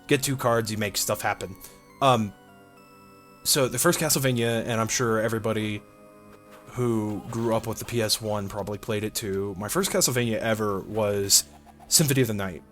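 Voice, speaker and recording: A man's voice: on the low side, normal speed. A man hosting a video game playthrough, chatting casually and rambling with lots of fillers. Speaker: let's play host. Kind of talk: casual gameplay commentary. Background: game music.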